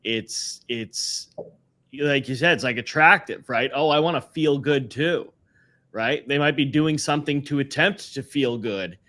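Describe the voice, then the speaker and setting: A man's voice: medium pitch, a little slow, pushed and bright. A man co-hosting a podcast in casual chat, agreeable and easygoing, dropping many fillers. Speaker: podcast co-host.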